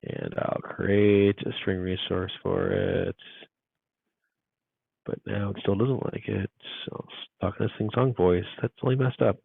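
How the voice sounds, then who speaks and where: A man with a low, gravelly voice, teaching a coding class and working through each step out loud. His muttered asides sound dry and tinny, as if picked up over a phone line. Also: steady tone, measured pace, no room sound. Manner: thinks aloud, muttering asides. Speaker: university instructor. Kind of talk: live coding lecture.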